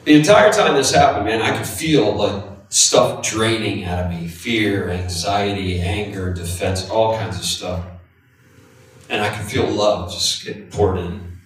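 A man preaching a sermon, telling a personal story in an animated, confessional way. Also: fairly low pitch, a little slow, soft background music. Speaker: pastor. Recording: echoey hall from far off.

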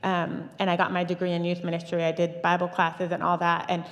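A woman in her thirties giving a lively personal church testimony, with frequent fillers and restarts. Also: lowish voice, fairly quick. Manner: animated storytelling with fillers and restarts. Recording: long reverb of a hall.

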